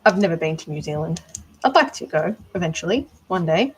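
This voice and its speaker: A woman's voice: lowish voice, expressive, brisk, slight background noise, poor audio. A young Australian woman chatting casually on a live stream while she builds art dolls, answering viewers' questions as she works.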